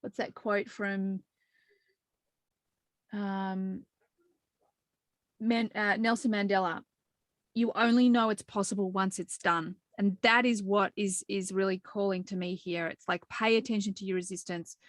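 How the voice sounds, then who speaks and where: Woman podcast host, mid-pitched, eager and a bit sweary, close dry mic. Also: fairly even intonation, unhurried, pauses often, no echo. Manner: enthusiastic, swears casually. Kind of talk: excited spiritual podcast chat.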